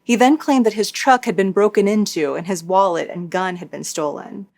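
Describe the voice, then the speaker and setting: A woman's voice: medium pitch, normal speed, creaky, darkish tone. Woman, true crime host, scripted narration, matter-of-fact, dry asides, mid-range voice.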